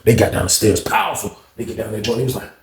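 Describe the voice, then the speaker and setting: A man telling a story in a casual, slangy, animated way. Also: on the low side, fast. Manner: animated, slangy, acts out quoted voices. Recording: roomy echo.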